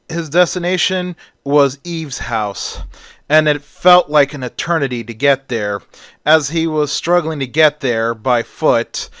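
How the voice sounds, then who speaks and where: A man's voice: fairly high pitch, fairly bright tone, clean tone, no echo, clean studio sound. A man casually retelling a story, chaining events with "and then".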